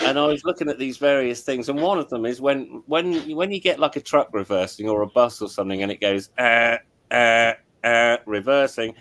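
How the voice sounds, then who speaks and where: A man's voice: medium pitch, brisk, few pauses, a little hiss or hum. A middle-aged man, hosting a casual chat as an audio engineer, rambling and apologetic with many restarts. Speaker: show host and audio engineer.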